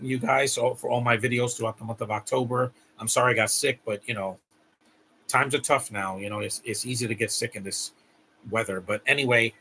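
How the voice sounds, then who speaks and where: A young man with a bright, forceful voice hosts a casual watch-along stream. He rambles and restarts his sentences as he reacts, and a faint hiss of noise sits under the recording. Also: medium pitch. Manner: chatty, rambling, frequent restarts. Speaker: live stream host.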